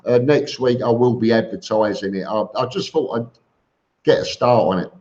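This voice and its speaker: A man's voice: mid-range voice, moderate pace, a little mellow. A man hosting a casual live stream, greeting viewers by name and answering their questions with chatty, joking asides. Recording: dull lo-fi stream audio.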